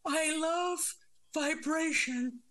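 A coy mystery psychic, as a performer puts on the voice, high-pitched and strangely muffled, as if heard through a bubble. The voice is of unclear sex and gives evasive, teasing answers. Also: drawn-out words, a bit bright, exaggerated voice. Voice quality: muffled, distorted-sounding voice.

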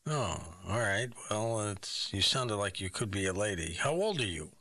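A man's voice: lowish voice, sing-song, moderate pace, pushed and bright. A man hosting a comic radio guessing game, asking curious, probing questions and reacting with puzzlement. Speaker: game show host.

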